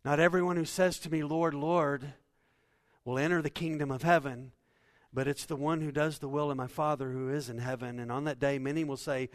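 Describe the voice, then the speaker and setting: A male pastor preaching a sermon to his church, swinging from hushed, low passages to loud, raised bursts. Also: steady tone, a little fast, dry recording.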